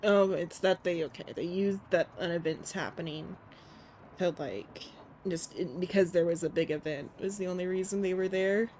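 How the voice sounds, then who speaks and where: A woman's voice: on the low side, moderate pace, a little mellow, a little hiss or hum. A woman streaming a video game live, rambling and laughing as she reacts. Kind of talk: casual live-stream gameplay commentary.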